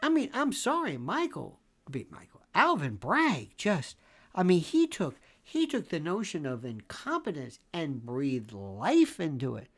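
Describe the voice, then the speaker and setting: Older male legal pundit with a gravelly voice and a very lively, swooping delivery, emphatic and repetitive. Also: on the high side, unhurried. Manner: emphatic, repeats phrases, swings between exclamation and muttering. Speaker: legal commentator and show host. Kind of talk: opinionated commentary.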